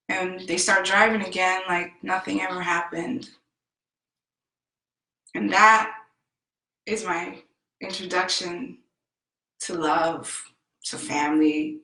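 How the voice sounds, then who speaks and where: A woman vlogger telling a personal story in a slow, heartfelt and emphatic way. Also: fairly low pitch, steady tone, bright, forceful tone, roomy sound, rough recording. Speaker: self-help vlogger.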